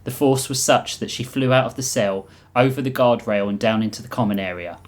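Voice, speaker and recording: A man's voice: medium pitch, a little fast. A man on a podcast reading his own comic sci-fi story aloud, often chuckling at his own lines.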